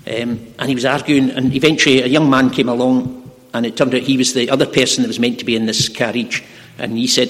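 A man preaching a sermon in a church, telling stories earnestly and slowing down to stress key words. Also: mid-range voice, flat delivery, fairly bright tone. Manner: earnest, slows for emphasis. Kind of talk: sermon with storytelling. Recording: long hall reverb.

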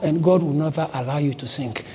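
A man's voice: on the high side, a little fast, a crowd in the background. Preaching man in an echoing church. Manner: repetitive exhortation, rising to shouts. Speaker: pastor. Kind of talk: sermon. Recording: long hall reverb, faint background noise.

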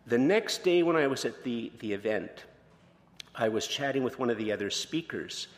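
A man's voice: medium pitch, animated, moderate pace. Man preaching in a reverberant hall. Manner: informal and candid, many fillers and restarts. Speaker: pastor. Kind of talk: conversational sermon with personal storytelling. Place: church sanctuary.

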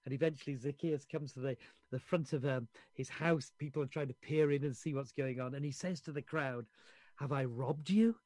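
A man's voice: mid-range voice, steady tone, brisk, a little mellow, dry recording. A man preaching a sermon in a conversational storytelling way, acting out the quoted voices and often restarting his words.

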